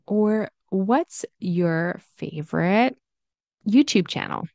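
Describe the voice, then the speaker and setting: A woman teaching English pronunciation in an online lesson, speaking slowly and saying each example phrase over and over. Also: medium pitch, lively intonation, gravelly, a little mellow, no room sound. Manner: slow, demonstrative, repeats example phrases.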